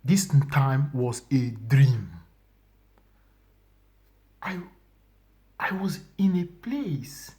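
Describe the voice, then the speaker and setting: Mellow-voiced man giving testimony. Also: high-pitched, expressive, very slow, pauses often. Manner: emotional, swinging from loud emphasis to hushed whispers; repetitive, restarting phrases. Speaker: church brother giving testimony. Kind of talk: personal testimony.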